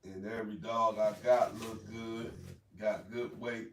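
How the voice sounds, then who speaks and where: A man's voice: lowish voice, little pitch movement, a little hiss or hum. A man who breeds dogs, talking casually and unhurriedly on a livestream while he is outdoors with his dogs. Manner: laid-back, unhurried street talk. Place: outdoors at his dog kennels.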